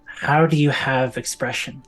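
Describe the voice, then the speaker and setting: A man voicing a new, earnest male construct in a halting, plain voice. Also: medium pitch, steady tone, fairly bright tone, lightly acted.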